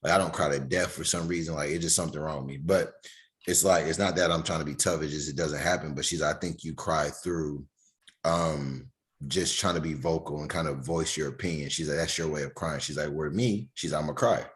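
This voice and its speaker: A man's voice: rumbling low, steady tone, a little fast, a bit bright. A man co-hosting a casual podcast, retelling conversations and quoting what others told him. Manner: storytelling, relays friends' words in quoted dialogue. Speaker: podcast co-host.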